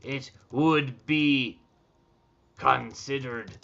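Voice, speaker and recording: A swaggering old-time pirate, as a man puts him on drawls each word slowly and growls his yars. The voice has a gravelly, bright edge. The audio is dull and lo-fi, with faint music underneath. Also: mid-range voice, fairly even intonation, exaggerated voice. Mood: mock-gallant. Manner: slow drawn-out dictation, growled yars.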